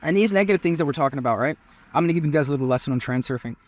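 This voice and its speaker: Young male host, rapid hyped delivery, slightly high voice, dry close sound. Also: lively intonation. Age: young adult. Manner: fast, hyped, swearing, rambling motivational talk. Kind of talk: casual podcast chat.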